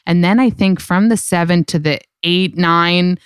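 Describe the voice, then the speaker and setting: Young woman host, lowish smooth voice, close dry mic, candid chatty storyteller who swears freely. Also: a little slow, no echo. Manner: candid, profane, lots of "like". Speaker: podcast host. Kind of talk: casual storytelling chat.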